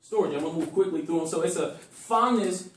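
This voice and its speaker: A high-voiced man teaching a class, leaning hard on each word and letting his voice swing for effect. He sounds set back from the mic in an echoey room, with the space ringing around him. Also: fairly quick, recorded from a distance, a little hiss or hum. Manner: emphatic, varies his voice for effect.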